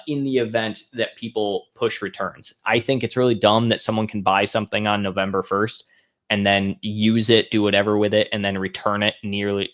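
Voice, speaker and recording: A man's voice: on the low side, fairly bright tone. A young man hosting a live question-and-answer stream, talking offhand with lots of fillers and restarts. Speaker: host answering viewer questions. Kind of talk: casual live Q&A.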